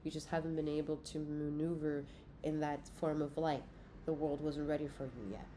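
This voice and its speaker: A congested woman with a low, mellow voice lays out tarot cards for her viewers in a loose, cursing, giggly way. Her speech is casual and unscripted, as if she is chatting straight to camera. A faint hiss of background noise sits under her voice. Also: flat delivery, moderate pace. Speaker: tarot reader. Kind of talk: casual spiritual reading, talking to viewers.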